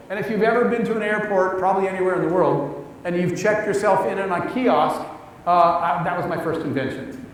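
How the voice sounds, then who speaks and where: Animated man telling a story in an echoey hall. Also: high voice. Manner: animated, acts out quoted voices. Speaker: keynote speaker. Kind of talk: storytelling speech. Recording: echoey hall, mic at a distance.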